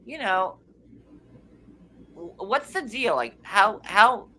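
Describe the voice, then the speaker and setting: A man from New York hosting a casual recap chat, rambling and full of fillers, with sudden jumps in pitch. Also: expressive, slow, pushed and bright, a little hiss or hum. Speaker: podcast host.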